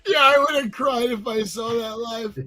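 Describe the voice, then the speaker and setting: A man's voice: extremely high pitch, moderate pace, sharp tone. A man hosting a casual podcast, laughing along and swearing casually. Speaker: podcast host.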